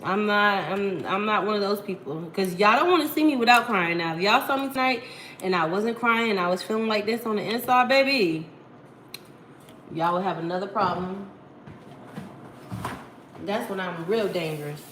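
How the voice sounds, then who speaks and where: A woman's voice: medium pitch, normal speed, a bit bright. Woman, 30s, from Virginia, worn out after crying, candid slangy livestream chat, faint hiss behind. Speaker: livestreamer reading viewer comments. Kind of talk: casual live stream chat.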